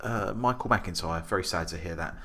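A man's voice: sits low, brisk. A man hosting a casual podcast, rambling through fillers and laughing often. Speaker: podcast host. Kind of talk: casual chat. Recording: noisy home podcast recording.

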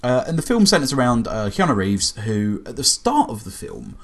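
A man, casually retelling a film's plot to a co-host, animated, laughing often and swearing freely. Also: medium pitch, moderate pace. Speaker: podcast co-host reviewing a film. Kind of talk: casual chat.

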